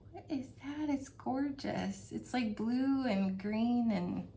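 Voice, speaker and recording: With a mellow voice on the high side, a woman takes her time in a casual home vlog reviewing wax melts. She gushes about her favorite scents and laughs often.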